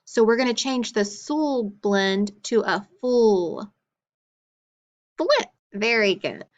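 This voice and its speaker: A woman's voice: mid-range voice, takes it slowly, highs cut off. A woman teaching a phonics lesson, sounding out letter blends and praising each answer patiently. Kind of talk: slow phonics drill.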